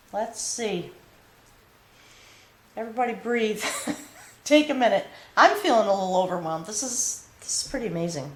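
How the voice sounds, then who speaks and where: This woman reads tarot in an emotional, sincere spiritual session aimed right at the viewer, her voice somewhat high with a little hiss or hum in the background. She keeps checking in with a soft "okay?".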